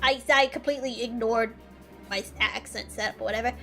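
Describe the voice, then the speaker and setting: A woman's voice: fairly high pitch, fairly even intonation, brisk, gravelly, fairly bright tone, faint music behind. A woman streamer chatting casually, chatty and self-mocking. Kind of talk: casual gaming stream chat.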